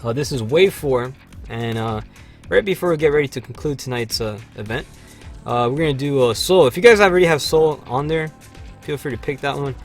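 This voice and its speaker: A man hosting a livestream, chatting casually over gameplay with lots of fillers and sudden excited shouts. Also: mid-range voice, fairly quick, soft background music. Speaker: livestream host.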